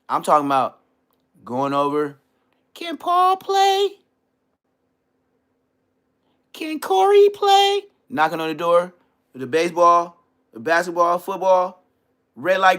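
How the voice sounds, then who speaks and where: A man from Southern California hosting a livestream, ranting in a casual, comedic way with stammered restarts and frequent throat clearing. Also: a little high, pushed and bright. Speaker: livestream host.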